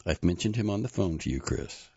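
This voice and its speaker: A man reading an audiobook, voicing a tired, stubborn older mother who talks plainly and defends herself quietly. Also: low-pitched, lively intonation, brisk, vocal fry, slightly rough, no room sound, muffled recording, voice pushed up, heavily acted.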